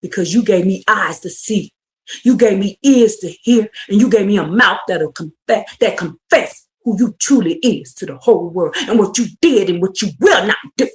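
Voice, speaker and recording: Fervent woman preacher, lively pitch. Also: normal speed. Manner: fervent, rising to shouted exhortation. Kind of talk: livestreamed sermon.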